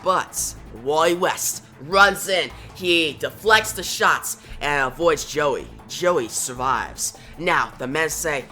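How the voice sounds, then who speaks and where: A man's voice: a little high, slow, hardly any pauses, bright, forceful tone, faint music behind. A man casually retelling a comic book story in the present tense and reading every line of dialogue himself. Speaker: comic book recap narrator.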